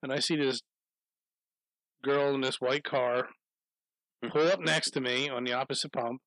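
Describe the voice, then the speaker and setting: A man's voice: mid-range voice, fairly even intonation, measured pace, fairly bright tone, no room sound, low-quality recording. A man telling a rambling anecdote in casual chat, swearing often and laughing as he goes.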